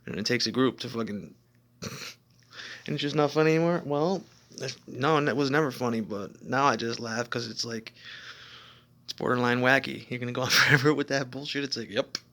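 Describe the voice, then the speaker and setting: A man on a profane, defiant rant at unseen people, mocking them and laughing between lines, swinging from loud outbursts to muttered whispers. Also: medium pitch, brisk. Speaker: drummer.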